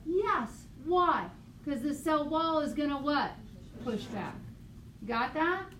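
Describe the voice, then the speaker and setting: A woman biology teacher lecturing a class, quizzing students with quick questions, recorded on a tablet mic across the classroom. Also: high voice, lively intonation, a bit bright. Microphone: tablet mic from across the room. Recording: echoey classroom, distant mic, faint noise.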